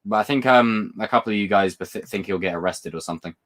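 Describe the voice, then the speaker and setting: A man's voice: on the low side, fast, a bit bright. A British man hosting a livestream, chatting casually and rambling between topics as he reads viewer comments. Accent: British English. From Britain. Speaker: livestream host.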